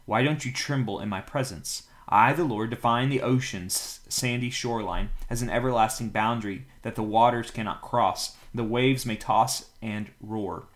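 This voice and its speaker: A man with a fairly low voice reads a long scripture passage aloud as a podcast host. His delivery is steady and plain, with an occasional slip that he quickly corrects. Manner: steady reading with occasional stumbles and self-corrections. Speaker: Bible reading podcast host.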